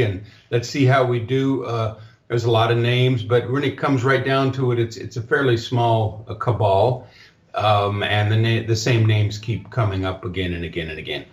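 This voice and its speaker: A man speaking as a guest in a casual interview, hesitant, with many fillers and restarts. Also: medium pitch. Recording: echoey dull lo-fi line.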